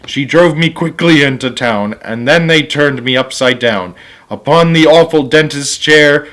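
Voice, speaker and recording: A man reading a children's rhyming story aloud in a lively, expressive way. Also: a little high, unhurried.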